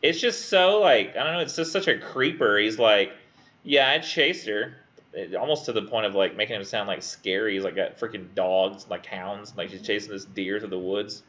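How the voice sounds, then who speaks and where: A young man talks through a poem in class, sardonic and lively. His voice is bright and forward. The recording is a little dull and muffled. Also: lowish voice. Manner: animated, sardonic, reads verse slowly with exaggerated voices. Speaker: student presenter in a literature class. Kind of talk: casual classroom discussion.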